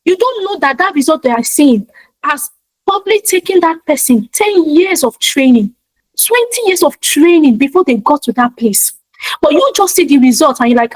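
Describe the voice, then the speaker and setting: A woman's voice: high voice, animated, normal speed, no room sound, rough recording. A woman giving a motivational talk, speaking emphatically and repeating her key points in a preacher-like way. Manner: talks of her own practice in speaking to online audiences.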